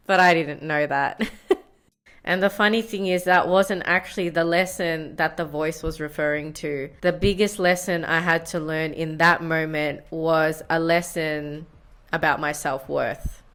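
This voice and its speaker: A woman's voice: deep voice, unhurried, a bit bright. A woman in her thirties telling a candid, confessional story in a vlog, often laughing at herself. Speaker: science vlogger.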